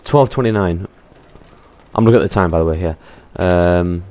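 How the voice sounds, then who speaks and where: A man casually commentating his gameplay on a headset mic, chatty and quick to exclaim. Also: deep voice, a little mellow, a little hiss or hum. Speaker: let's play gamer.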